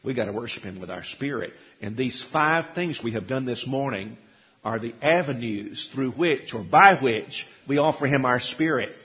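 A man's voice: medium pitch, moderate pace. Emphatic man preaching in a reverberant hall. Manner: animated, rising to emphatic peaks, asks the congregation questions. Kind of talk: sermon. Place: church sanctuary.

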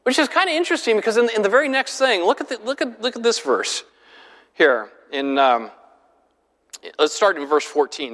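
A man leads a Bible lesson, speaking with a fairly high, lively voice that rises and falls freely. He talks casually and keeps turning to his listeners with questions. His voice rings with a long reverb from a large hall. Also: brisk. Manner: conversational, keeps asking the class rhetorical questions. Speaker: Bible study teacher. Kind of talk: classroom Bible teaching.

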